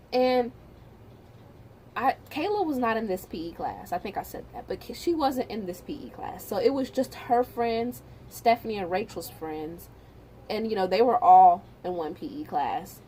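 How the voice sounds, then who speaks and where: Woman vlogger, casual storytime, chatty and animated, mid-range voice. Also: medium pitch, normal speed, a little hiss or hum. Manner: animated, chatty retelling with repeats.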